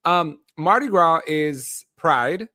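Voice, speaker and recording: Host slot: American man with a slightly higher voice, giggly and playful, very dry close sound. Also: expressive, sharp tone, no room sound. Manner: giggly, playful, drawn-out greetings. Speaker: podcast co-host. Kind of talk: casual chat.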